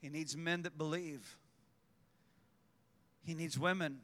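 A man's voice: on the high side, steady tone, slow pace, sharp tone. A man preaching a fervent sermon to his church, repeating lines for emphasis and calling out people by name. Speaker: pastor. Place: church sanctuary. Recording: long hall reverb.

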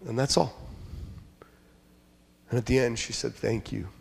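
Male pastor, sermon, conversational and joking, quiet asides, gravelly voice, long hall echo. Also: mid-range voice, steady tone, unhurried. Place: church sanctuary. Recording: long church hall reverb.

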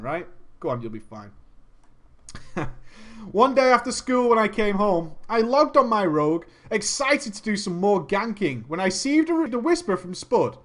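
A man tells a gaming story and keeps breaking off for jokes and mock outrage. His voice sits high, and he curses freely and laughs between lines. His tone swings widely from phrase to phrase. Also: a bit bright. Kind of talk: comic reading with commentary.

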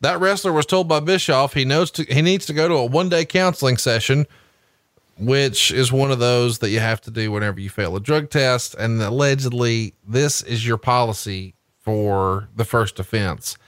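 Mid-pitched man pressing interview questions. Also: normal speed, fairly bright tone, no echo, clean studio sound. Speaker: podcast host.

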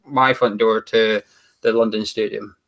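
A man's voice: on the low side, little pitch movement, unhurried, vocal fry, fairly bright tone. Scottish man telling a rambling story. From Aberdeen, Scotland. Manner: rambling, friendly storytelling with fillers. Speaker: guest, co-host of a fan show. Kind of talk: casual chat.

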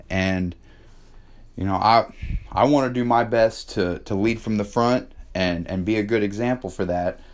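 A man in his thirties talking in a casual monologue about parenting, passionate, cursing freely and filling with "man". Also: fairly low pitch. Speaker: podcast host.

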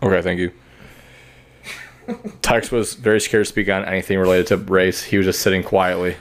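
Against crowd noise, a man with a low voice speaks steadily at a moderate pace. Hosting a podcast, he chats crudely and casually, swearing, laughing often and trailing off mid-sentence.

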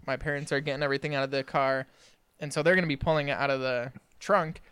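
A young man co-hosting a casual podcast, telling a childhood story with lively acted-out quotes and laughter. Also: mid-range voice, quick pace, smooth, no echo. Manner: animated storyteller, acts out quoted family voices and laughs through his story. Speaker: podcast co-host.

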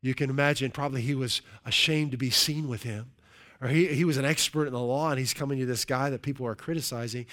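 A man's voice: medium pitch, steady tone, fast, fairly bright tone. A male pastor preaching a sermon, stressing and stretching key words and often checking in with "right?".

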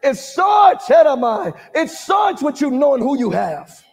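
A man preaching a charismatic sermon, shouting in a sing-song cadence, calling for responses and breaking into tongues. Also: extremely high pitch, big pitch swings, a little slow, gravelly. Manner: calls for congregation responses.

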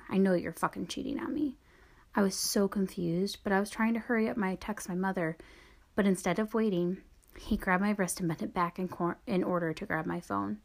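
A woman reads a personal memoir aloud at a middling pitch. Her delivery is quiet and subdued. At times it sinks nearly to a whisper. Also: creaky. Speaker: author reading her own memoir.

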